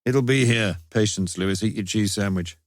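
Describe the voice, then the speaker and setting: A man reading the lines of a sharp, self-assured middle-aged detective in an audiobook, with a dry, confident delivery. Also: on the low side, moderate pace, no room sound, lightly acted. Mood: brisk.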